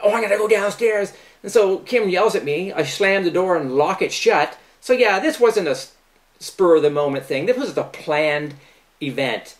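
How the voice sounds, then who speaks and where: A man's voice: on the high side, lively intonation, normal speed. A middle-aged man vlogging, casually retelling a personal story in a profane, incredulous way.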